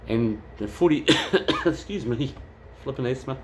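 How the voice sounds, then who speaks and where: A man's voice: mid-range voice, animated, unhurried, noisy background. A man chatting casually as a travel vlogger, rambling and swearing freely. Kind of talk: casual chat.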